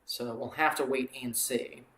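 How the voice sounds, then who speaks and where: A man's voice: medium pitch, steady tone, measured pace, fairly bright tone, reverberant, rough recording. A man hosting a live watchalong, calling football plays and rambling casually between them with lots of fillers. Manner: rambling, filler-heavy, self-deprecating asides. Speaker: play-by-play watchalong host. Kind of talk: live amateur play-by-play commentary with casual asides.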